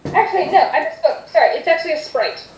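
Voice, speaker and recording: High-voiced woman game master. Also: expressive, fast, a little mellow, reverberant, recorded from a distance, slight background noise, rough recording. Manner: hesitant, full of fillers and restarts. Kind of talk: narrating a tabletop game.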